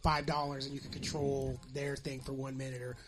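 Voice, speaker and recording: A man's voice: mid-range voice, level tone, a little fast, over music. A man chatting casually on a podcast, joking and swearing freely. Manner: profane, joking.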